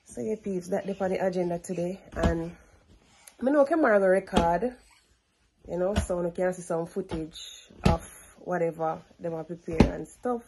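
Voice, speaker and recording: A young woman, chatting casually to her vlog audience at home and coaxing her toddler in a soft, sing-song voice. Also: lowish voice, normal speed, very noisy. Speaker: vlogger mother. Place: home, kitchen and bathroom.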